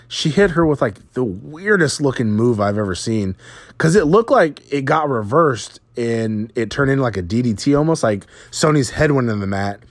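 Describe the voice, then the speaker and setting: A man's voice: mid-range voice, no room sound. A man casually recapping a wrestling show, rambling and swearing, with lots of fillers.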